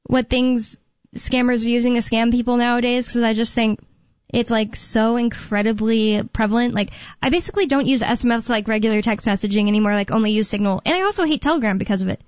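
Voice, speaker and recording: An American woman chatting on a podcast, rambling through her points with constant fillers and restarts. Her voice sits a little high. The sound is dry and dull, like a lo-fi recording. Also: fast talker, no echo. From United States. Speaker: podcast co-host. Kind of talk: casual chat.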